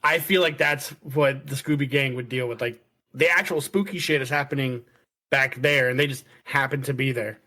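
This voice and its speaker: A man's voice: medium pitch, steady tone, moderate pace, sharp tone. A man in a casual podcast chat who talks with enthusiasm, swears freely and acts out quoted lines. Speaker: podcast host.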